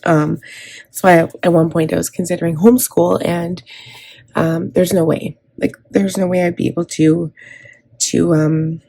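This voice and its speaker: A woman's voice: on the low side, level tone, a little slow, vocal fry, dark tone. A woman from Canada in her thirties chatting casually as she plans and decorates her planner, rambling with frequent ums and restarts. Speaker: planner vlogger.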